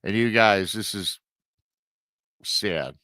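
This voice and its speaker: With a low, bright voice and a forceful tone, a man slowly narrates a listener's emailed story on his podcast, dramatizing it and adding emotional asides. The recording is studio quality with no echo.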